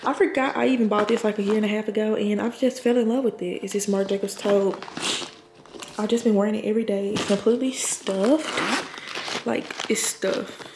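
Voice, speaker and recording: A chatty young woman in her twenties gives a casual home tour vlog, calling her viewers y'all. Her voice has a gravelly, fry-tinged edge. She is recorded in an echoey room with a faint hiss behind her. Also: medium pitch, steady tone, normal speed. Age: 20s. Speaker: nurse vlogger. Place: her apartment, indoors.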